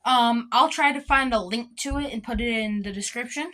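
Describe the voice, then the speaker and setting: A woman talking casually about her clarinet practice, halting and full of fillers. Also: on the high side, fairly bright tone, slight background noise. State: has the hiccups. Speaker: student clarinet player. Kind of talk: casual practice vlog talk.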